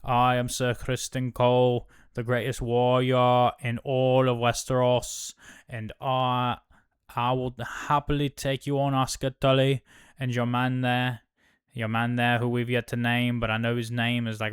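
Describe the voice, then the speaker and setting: A man playing an arrogant, swaggering knight, loud and boastful, with his voice's own smooth, resonant tone. He taunts his foes and throws in profanity. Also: medium pitch, monotone, a little slow, no echo, clean studio sound, natural voice.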